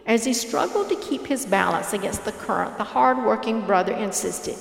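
A woman reads a parable in a measured, earnest way. Her voice sits a little high with a gravelly rasp. It rings out in a large hall with a long reverb. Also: expressive. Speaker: storyteller. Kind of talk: reading a parable aloud.

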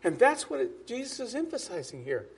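A man preaching a sermon as a pastor, emphatic, with drops to soft asides. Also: very high-pitched, wildly swooping pitch, fairly quick, creaky, husky.

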